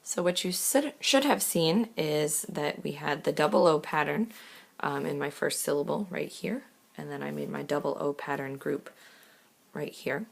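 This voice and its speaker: Low, gravelly woman teaching a lesson. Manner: slow, clear word-by-word reading; patient step-by-step instruction. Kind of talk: recorded classroom lesson.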